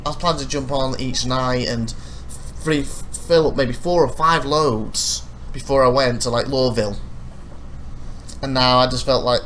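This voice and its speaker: Give me a man of average pitch talking through his game footage in a loose, rambling way, with faint game sounds in the background. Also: moderate pace, a little hiss or hum. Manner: rambling, self-correcting, animated when retelling frustrations. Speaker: let's play host. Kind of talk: casual gameplay commentary.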